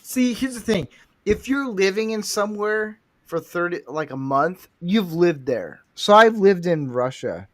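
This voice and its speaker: A man's voice: high voice, very animated, unhurried. A foul-mouthed man hosting a livestream, rambling in casual crude chat while he builds a Lego set. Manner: foul-mouthed, rambling, self-described redneck. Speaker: livestream host.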